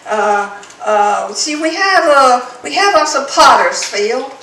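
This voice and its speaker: Lady putting on a gentle folksy sheriff guy, slow and kind, echoey room. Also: high voice. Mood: reassuring. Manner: folksy, reassuring, hesitant. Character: kindly rural male sheriff, gentle and folksy. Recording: echoey room, distant mic, room noise.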